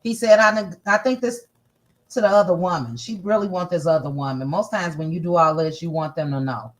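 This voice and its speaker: Her voice on the low side and fairly quick, this gossip channel host chats sassily through a casual celebrity livestream, thinking aloud while scrolling posts.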